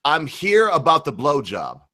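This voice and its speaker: A man's voice: on the high side, wildly swooping pitch, measured pace, sharp tone. A drunk man from Michigan hosting a casual livestream chat, crude and rambling. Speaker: livestream host.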